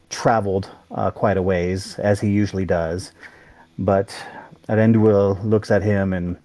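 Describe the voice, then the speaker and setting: Casting: a man with a low voice and a dry, close sound, narrating his character in a tabletop game. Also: a little mellow, no echo. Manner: hesitant, with many fillers.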